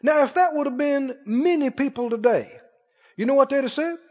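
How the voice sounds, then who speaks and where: A man's voice: very high-pitched, moderate pace, darkish tone, long reverb tail, muffled recording. A man preaching a sermon, quoting scripture with emphasis and putting questions to the congregation.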